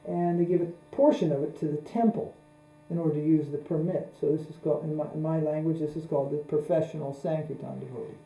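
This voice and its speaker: A man gives a religious lecture, telling anecdotes in a measured, repetitive way. His voice is very dark and mellow. The recording is roomy and echoey, with a mains hum underneath. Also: on the high side, vocal fry. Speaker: spiritual teacher. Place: lecture room.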